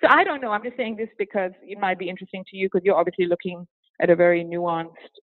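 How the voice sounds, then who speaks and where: Speaking fast in a fairly low voice, a Singaporean woman with a hybrid accent carrying a trace of British chats as an interview guest. A former teacher, she's animated, laughs frequently, and acts out quotes in this casual conversation. The sound is a dry, tinny, phone-like line with no room sound.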